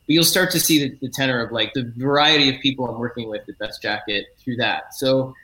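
A middle-aged comic book writer talks in a relaxed, casual interview with a bright, forward tone at middling pitch and a fairly quick pace. Earnest and eager, he explains things at length, often restarting and correcting his phrasing as he goes. The recording is rough.

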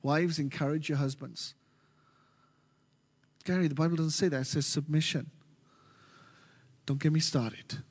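An Australian man preaching a sermon as pastor, animated and joking with his congregation. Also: fairly high pitch. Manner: animated, jokey preaching with quick asides. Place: large church hall. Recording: reverberant church hall.

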